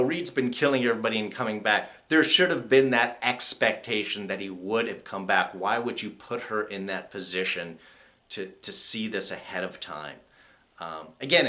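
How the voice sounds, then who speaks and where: A man talks through a TV episode review in a relaxed, conversational way. His voice is bright and forward. He often slips into quick mock voices to act out lines from the characters. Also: fairly low pitch. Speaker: TV show reviewer. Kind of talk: casual spoken review.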